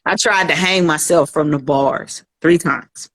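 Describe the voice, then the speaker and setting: A woman's voice: deep voice, unhurried, a bit bright. Podcast guest, a woman, earnest storytelling, acts out the voices in her tale. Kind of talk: personal testimony in a podcast interview.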